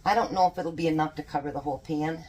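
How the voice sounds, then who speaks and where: Cooking in her home kitchen, a woman vlogger talks in a folksy, casual way and laughs a lot. Her voice is deep and mellow, she speaks fast, and there's slight background noise.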